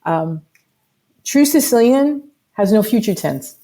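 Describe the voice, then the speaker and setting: A woman's voice: mid-range voice, lively intonation, takes it slowly, warm tone. A woman, a musician guest chatting on a podcast and explaining things at length with lots of asides. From United States. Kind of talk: casual podcast interview.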